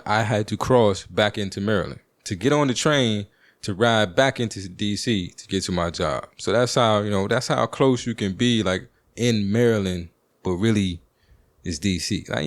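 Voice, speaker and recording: A podcast host from Washington, D.C. tells a loose, rambling story at normal speed in a deep, low register. He leans on slang and frequent fillers in this casual monologue, and the close recording is dry, with no room sound.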